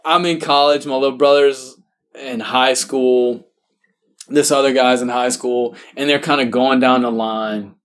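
A priest tells a personal story in relaxed, everyday speech. His voice sits at a middle pitch for a man, and he talks in an animated way, full of fillers and quick laughs. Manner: casual, animated, laughs often, heavy use of "like". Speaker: Catholic priest.

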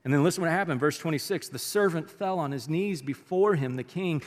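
A man preaching a sermon, animated, swinging between loud bursts and hushed lines. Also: fairly high pitch, brisk, hardly any pauses. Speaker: pastor. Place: church auditorium. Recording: long reverb of a large auditorium.

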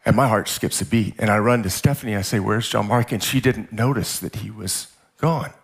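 A middle-aged man from California preaching a sermon, telling a story with strong emotion, repeating words, shouting at peaks and dropping to near-whispers. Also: fairly low pitch, fairly quick, vocal fry, slightly rough. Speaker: pastor.

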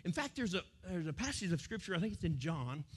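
A middle-aged American pastor preaches a sermon, acting out crowds and quotes in sudden loud bursts. His voice sits high and slightly rough, and he's very animated and fast.

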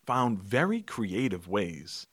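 A man's voice: on the low side, very animated, slow, slightly rough. A man co-hosting a casual movie chat, talking about films with enthusiasm and explaining things as he goes. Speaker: podcast co-host.

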